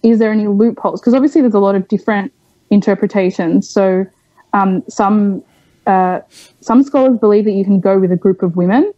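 A woman's voice: mid-range voice, brisk, dark tone, no room sound, highs cut off. A young woman from Australia, a podcast guest, speaking frankly and at length in a candid interview, with many fillers.

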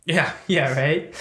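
A woman voicing her pet cat Larry, a grumpy male cat with an odd accent, speaking in a silly high voice. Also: fairly bright tone, heavily acted. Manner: high put-on voice, chatty and silly. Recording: roomy echo.

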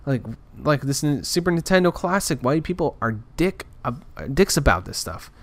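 A man's voice: on the high side, very animated, normal speed. A man talking in a casual, rambling rant, frustrated and full of restarts. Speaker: podcaster. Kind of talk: casual ranting monologue.

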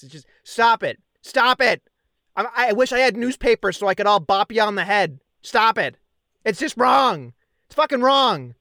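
A man's voice: sits high, expressive, moderate pace, sharp tone, dry recording, clean studio sound. A man co-hosting a casual wrestling podcast who rants emphatically and swears freely. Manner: ranting, profane, emphatic. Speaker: podcast co-host.

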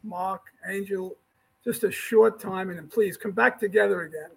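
Gravelly older man, high voice. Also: moderate pace, rough recording. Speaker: guest. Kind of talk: casual chat.

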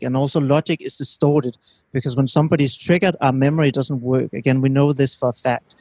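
A man giving a calm, teacherly explanation as a guest in an interview, often checking in with his listener. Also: medium pitch, brisk, husky, dry recording. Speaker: relationship expert guest.

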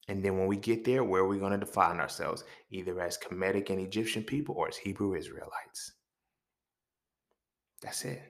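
A young man hosting his own podcast, talking alone in a heated, profane monologue that rises to near-shouts and then drops low. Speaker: podcast host. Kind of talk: impassioned solo monologue.

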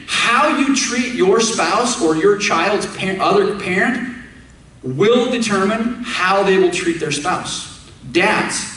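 Male preacher, higher register, emphatic and questioning, recorded from a distance in a reverberant church. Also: fairly bright tone. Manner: emphatic, asks the congregation direct questions. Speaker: pastor. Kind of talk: sermon. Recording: echoey room, speaker away from the mic.

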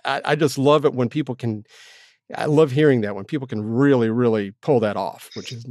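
A man hosts a casual interview, rambling from thought to thought with frequent restarts. He talks at an average pitch and is quick to joke about himself. The sound is dry and close. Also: darkish tone, no echo. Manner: chatty, rambling, self-deprecating. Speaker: podcast host.

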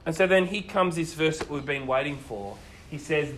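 A man preaching a sermon, telling the stories in a lively way and asking his listeners questions. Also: a little high, normal speed, few pauses, a little hiss or hum. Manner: animated storytelling, asks the listeners questions.

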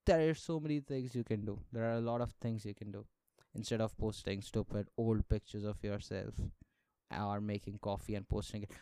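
A man's voice: fairly low pitch, steady tone, fairly quick, mellow, smooth, dry recording. A young man hosting a solo podcast, ranting sarcastically with plenty of swearing and frequent laughter. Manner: sarcastic, profane, laughs often. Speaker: podcast host. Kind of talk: casual solo podcast rant.

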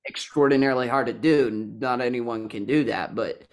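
A man's voice: medium pitch, moderate pace. Easygoing young male musician guest. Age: young adult. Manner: easygoing, rambling with restarts. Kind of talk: casual chat.

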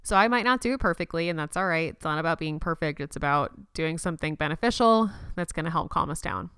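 A young woman hosting a personal podcast, speaking gently and reassuringly as she leads listeners through a slow counted breathing exercise. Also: deep voice, lively intonation, clean tone, no room sound, clean studio sound. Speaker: podcast host.

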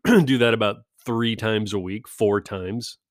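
A man's voice: fairly low pitch, takes it slowly, no echo, clean studio sound. A man in a casual rambling monologue, ranting and self-deprecating, swearing often.

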